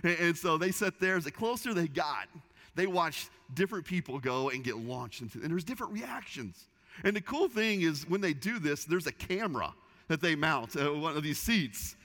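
A middle-aged man preaching a sermon as pastor, telling a story in a lively way with repeated restarts. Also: on the high side, moderate pace. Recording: long reverb of a large hall.

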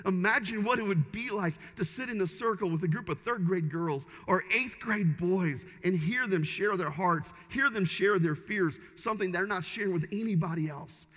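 A man's voice: high voice, fairly bright tone. A man in his forties, a pastor preaching a sermon in an emphatic, repetitive cadence in a church sanctuary. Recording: long reverb of a large church hall.

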